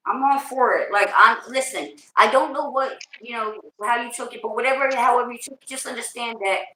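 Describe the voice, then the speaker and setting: A woman with a New Jersey accent hosting a casual livestream, loud, big-voiced and hyped, talking straight from emotion. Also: a little high, brisk, reverberant, slight background noise, low-quality recording. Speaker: livestream host.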